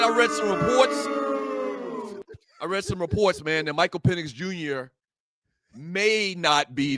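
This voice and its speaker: A man's voice: high-pitched, pushed and bright, no room sound. A man co-hosting a sports talk show, laying out a story and breaking into incredulous outbursts.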